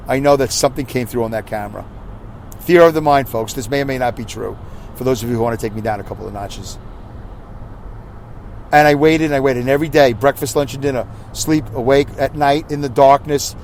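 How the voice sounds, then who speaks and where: A man's voice: medium pitch, a little mellow, a little hiss or hum. A middle-aged man hosting his own podcast, talking through a hard stretch of his life in an earnest, rambling, confessional monologue. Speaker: podcast host.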